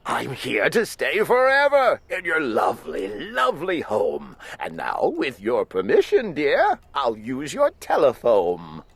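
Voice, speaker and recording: A woman's voice: very deep voice, huge pitch swings, measured pace, few pauses, husky, dry recording, voice pushed down, heavily acted. A woman voicing a smug, gabbing green male glunk creature in a storybook read-aloud. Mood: sweetly smug. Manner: gabbing, sing-song and pushy.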